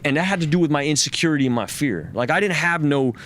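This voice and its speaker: A man's voice: on the high side, lively intonation, quick pace, fairly bright tone. A man as an interview guest, telling a personal story candidly, raw and profane and intense, and he acts out what other people said.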